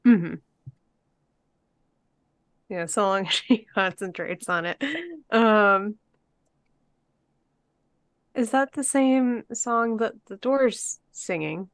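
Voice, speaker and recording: A woman playing a tabletop game, speaking gently and laughing easily as she plays her character. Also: medium pitch, very slow, pauses often, dry recording. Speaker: player. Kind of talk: casual tabletop role-play.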